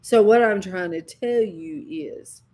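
A woman's voice: mid-range voice, slow, dark tone. A woman preacher giving a sermon, telling a dream as personal testimony in a dramatic, impassioned way with sudden cries.

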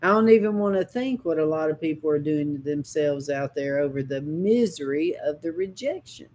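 A woman's voice: low voice, expressive, moderate pace, darkish tone, a little hiss or hum. A woman preacher giving a sermon, telling a dream as personal testimony in a dramatic, impassioned way with sudden cries.

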